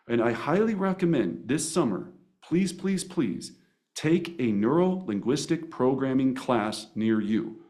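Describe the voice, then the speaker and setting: A middle-aged man presents a negotiation seminar with bursts of energy. His voice sits in an ordinary middle range, and he stumbles over and repeats words as he checks in with "right?" at the end of his points. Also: mid-range voice. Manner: energetic, animated, with playful voice impressions. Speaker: real estate negotiation coach.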